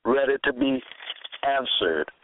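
A man hosting a radio Bible program, lecturing in a slow, deliberate way and repeating his key phrases for emphasis. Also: mid-range voice, animated, a little hiss or hum. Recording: tinny phone-like dry audio.

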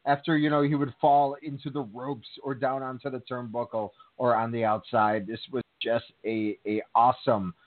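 A man co-hosting a wrestling talk show, telling stories in a chatty, animated way. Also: medium pitch, normal speed, few pauses. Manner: chatty, animated storytelling with fillers. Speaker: podcast co-host. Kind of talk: casual chat. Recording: tinny phone line.

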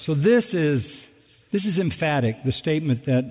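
A man preaching a sermon with lively delivery who acts out the people he quotes, recorded in a large hall. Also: on the high side, normal speed, breathy edge. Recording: phone-like sound with long hall reverb.

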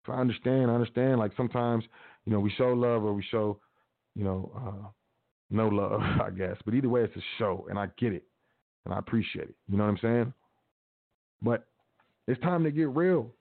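A podcast host delivers a casual motivational talk, preaching and urging the same points over and over. His voice is fairly low, brisk and creaky, with long pauses, and it comes through a tinny, phone-like line.

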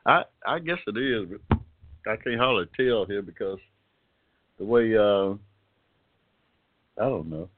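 A man's voice: on the low side, lively intonation, unhurried, long pauses, a little hiss or hum. An older man, hosting a casual internet radio talk show in a rambling, folksy way. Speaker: host. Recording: phone-like call-in line.

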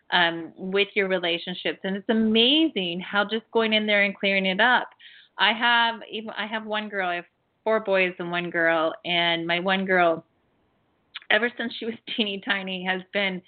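Chatty woman host on a narrow line. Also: mid-range voice. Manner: chatty, animated storytelling with fillers. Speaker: host and past-life healer. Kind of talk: call-in show chat. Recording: phone-like narrow band.

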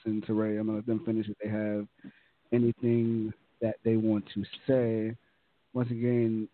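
A man's voice: mid-range voice, no room sound. A man hosting a call-in talk show, speaking casually to his listeners. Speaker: host. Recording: phone-line call.

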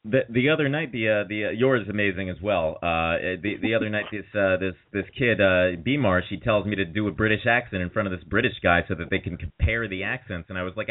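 A man's voice: lowish voice, fast, hardly any pauses. A man co-hosting a podcast, telling jokey stories in casual chat. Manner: jokey storyteller who slips into voices. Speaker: podcast co-host. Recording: phone-like call audio.

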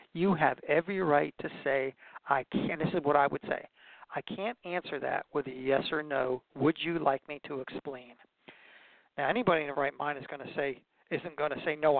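A man's voice: on the high side, creaky, no echo. A man hosting a show, giving casual folksy advice as an expert witness and telling stories with many restarts. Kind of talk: casual instructional talk. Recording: dry, tinny phone-like sound.

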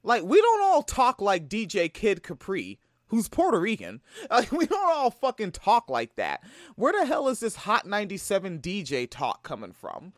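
A man's voice: sits high, huge pitch swings, moderate pace, hardly any pauses, dry recording, clean studio sound. A man from Tacoma giving a profane, heated reaction commentary. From Tacoma, Washington. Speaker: video commentator.

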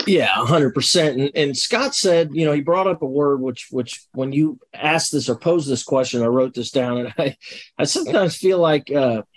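A man's voice: a little high, normal speed. A man speaking as a guest in a casual panel discussion, direct and emphatic when he makes his points. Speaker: panel guest, fire officer.

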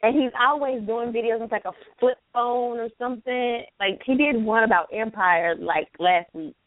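A woman's voice: on the high side, moderate pace, no echo. A woman host with a Southern American accent, chatting casually and teasing with laughter. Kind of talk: casual chat. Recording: tinny phone line.

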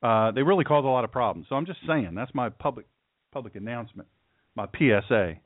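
Sarcastic radio guy ranting on his show, pitch jumps all over, thin phone-like sound. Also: expressive, a little fast, no echo. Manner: sarcastic, mocking, puts on caricature voices. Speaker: radio talk show host. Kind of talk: opinionated talk radio monologue. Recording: dry, phone-like radio audio.

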